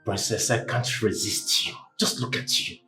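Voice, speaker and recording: An actor playing a young man who keeps pressing a princess with flattering, pushy talk. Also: on the low side, normal speed, echoey room, faint music behind. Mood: wheedling pushy. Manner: wheedling, pushy, then apologetic. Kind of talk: Nollywood film acting.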